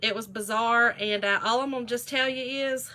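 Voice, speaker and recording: A woman's voice: fairly high pitch, steady tone, normal speed, pushed and bright. A woman, telling a funny story in a casual vlog chat, laughing often and saying "y'all" a lot. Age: 40s. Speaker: vlogger.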